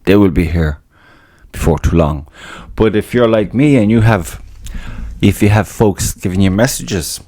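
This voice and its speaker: A man's voice: fairly low pitch, a little slow, pauses often, warm tone. A middle-aged man, hosting a casual solo podcast in a rambling, profane, self-mocking way. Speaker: podcast host.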